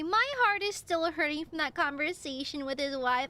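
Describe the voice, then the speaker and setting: A young woman streaming a game, chatting in a casual, excitable way. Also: sits high, moderate pace, hardly any pauses, dry recording. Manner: chatty, excitable, laughs often. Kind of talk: casual gameplay commentary.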